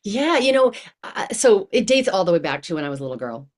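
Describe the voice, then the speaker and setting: A woman guest on an interview show, talking in an animated, enthusiastic way and acting out the voices she quotes. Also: mid-range voice, fast. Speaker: guest, coach. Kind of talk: casual interview chat.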